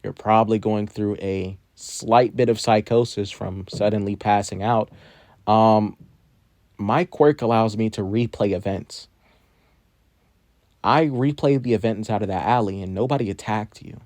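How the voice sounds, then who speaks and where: A man's voice: fairly low pitch, fairly even intonation, unhurried, darkish tone, dry recording, studio quality. A man doing a firm, patient paramedic. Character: calm, matter-of-fact adult paramedic.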